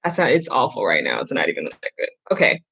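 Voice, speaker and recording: A woman's voice: rumbling low, wildly swooping pitch, fast talker, creaky, fairly bright tone, slightly rough, muffled recording. A woman hosting a live astrology reading, chatting casually with viewers and poking fun at herself. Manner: chatty, talks to the chat, self-deprecating. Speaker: astrology reader, stream host. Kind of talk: casual livestream chat.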